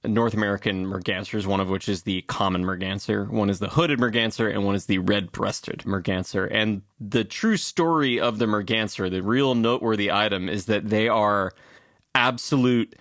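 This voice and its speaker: A man's voice: fairly low pitch, normal speed, hardly any pauses, a bit bright, no echo, studio quality. A man co-hosting a casual podcast, explaining bird facts in a chatty way with lots of fillers. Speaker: podcast co-host. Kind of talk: casual chat.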